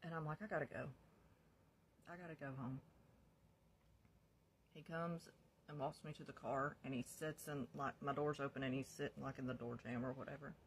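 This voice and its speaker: A woman's voice: rumbling low, steady tone, a little fast, a little hiss or hum. A woman casually telling her own life story, candid and blunt, swearing freely and laughing often. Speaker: vlogger sharing her recovery story.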